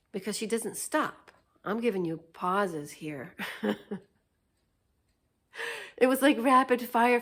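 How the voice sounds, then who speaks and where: Slow-talking lady vlogger rambling through a story, laughs a lot, lots of ums. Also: medium pitch. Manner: chatty, laughs often, meandering with fillers. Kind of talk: unscripted casual storytelling vlog.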